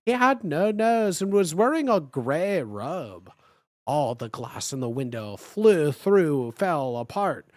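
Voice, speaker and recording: An animated streamer reading aloud. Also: medium pitch, slow pace, dry recording, studio quality. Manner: animated, swearing, laughing asides. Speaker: streamer host. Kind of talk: comedic dramatic reading of fan fiction.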